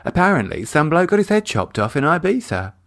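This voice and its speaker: Chatty gossipy woman, lively delivery, man doing her. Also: fairly high pitch, a little fast, voice pushed up.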